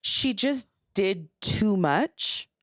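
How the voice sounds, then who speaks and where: This woman in her thirties co-hosts a casual chat, and her voice swoops widely as she reacts to each story. Her comments come out lively and exclamatory, and the sound is dry and close to the mic. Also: mid-range voice, extremely slow, no room sound. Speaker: podcast co-host.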